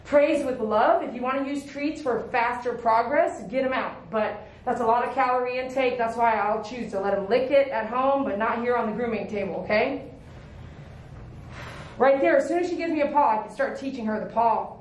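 A woman groomer teaches a class while she handles a puppy. She gives short firm commands and then praises warmly, in a slightly high voice. The sound comes from an echoey grooming room with a faint noise behind it. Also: moderate pace. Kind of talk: hands-on grooming demonstration.

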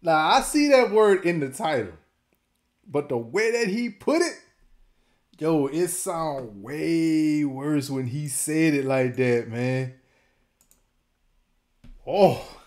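A man's voice: on the high side, animated, slow pace, pauses often. A man hosting a reaction video, talking in casual slang and exclaiming and laughing as he comments.

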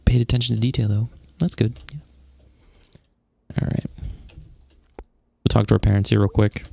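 A man's voice: fairly low pitch, steady tone, moderate pace, creaky, warm tone. A man casually commenting on a game as its host, reading out the dialogue in a playful, jokey way. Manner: playful, jokey, reads characters aloud. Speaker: let's play host.

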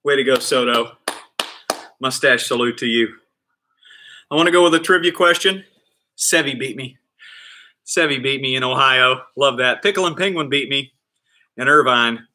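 Here a man coaches kids in an online PE class streamed live, bursting into excited shouts while he cheers them and counts repetitions. His mid-range voice moves at normal speed, broken up by long pauses.

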